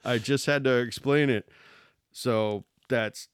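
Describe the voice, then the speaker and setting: A man's voice: medium pitch, takes it slowly, clear, resonant tone, no echo. A man co-hosting a podcast, joking and teasing in loose, rambling casual chat. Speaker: podcast co-host.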